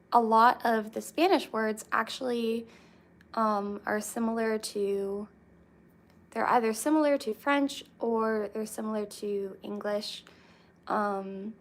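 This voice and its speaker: A young woman chatting casually with viewers, rambling with lots of fillers and pauses. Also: fairly high pitch. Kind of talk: casual chat.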